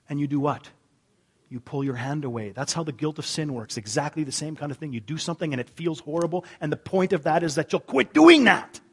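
Man, pastor, sermon, husky, fairly high voice, loud bursts and hushed drops. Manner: preaching with swings from loud emphasis to hushed low lines.

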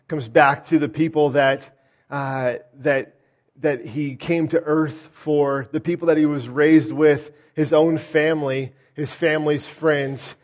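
A man preaching a sermon, telling the story in a lively way, often pausing on "uh" and restarting his words. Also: medium pitch. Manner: animated, acts out the townspeople's doubts; frequent "uh" fillers and restarts. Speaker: pastor.

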